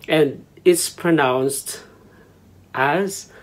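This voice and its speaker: A Filipino man with a Filipino accent, chatting casually in a teaching vlog and repeating words slowly so viewers can practice saying them. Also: fairly high pitch, lively intonation, slightly rough. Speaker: language vlogger.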